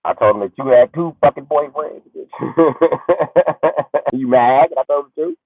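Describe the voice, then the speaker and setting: A man doing a profane comedic rant on a livestream. He swings from high yelling to low muttering. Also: unhurried, breathy edge, no echo, soft background music. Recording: tinny phone-like audio.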